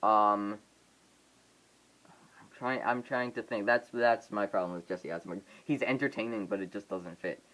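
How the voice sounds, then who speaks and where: A man giving a casual off-the-cuff review to his phone camera, rambling and halting, with many fillers and restarts. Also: on the low side, a bit bright, low-quality recording. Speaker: vlogger reviewing a film.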